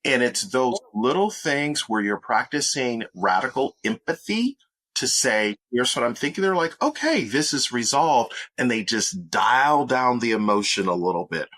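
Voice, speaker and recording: A man who is a motivational speaker and author, a guest giving coaching advice in an upbeat, instructive way and laying it out in clear steps. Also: mid-range voice, lively intonation, normal speed, a bit bright, dry recording.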